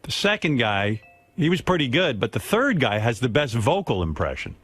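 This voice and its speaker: Lively, laughing radio host man. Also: medium pitch, moderate pace, breathy edge, no echo, soft background music. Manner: playful, laughs often. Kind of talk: radio show banter.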